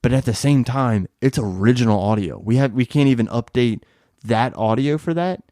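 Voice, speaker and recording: A man's voice: mid-range voice, moderate pace, warm tone, no room sound, studio quality. A man co-hosting a casual podcast, chatty and rambling, with plenty of fillers. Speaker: podcast co-host. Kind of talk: casual chat.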